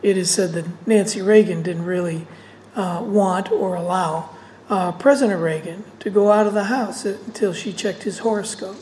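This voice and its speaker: A woman's voice: mid-range voice, steady tone, moderate pace, warm tone, a little hiss or hum, rough recording. A woman teaching through a Bible passage, reading verses aloud and explaining them with casual asides.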